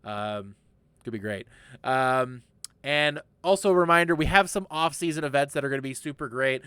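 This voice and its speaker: A man hosting a relaxed livestream podcast, his voice smooth and resonant and recorded close and dry. He rambles through announcements in an upbeat way, dropping jokey asides as he goes. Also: mid-range voice, moderate pace, no echo. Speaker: podcast host. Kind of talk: casual livestream podcast chat.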